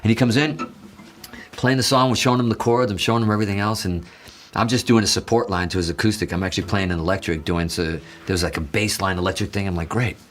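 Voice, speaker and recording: A man from the Azores telling an excited, rambling story as a guitarist guest, swearing and acting out quotes. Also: lowish voice, quick pace. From Azores, Portugal. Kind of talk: animated storytelling in an interview.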